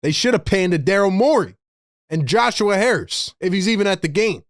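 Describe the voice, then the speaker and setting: A man with a high voice calls the game live as a fan-show host. His commentary is casual and slangy, and he jumps into excited reactions. The sound is close and dry. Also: brisk, no echo.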